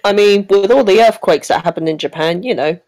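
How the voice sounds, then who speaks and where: A woman's voice: mid-range voice, fairly quick, a little mellow. A woman playing in a tabletop game, speaking casually and hesitantly. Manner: hesitant, apologetic. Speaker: player.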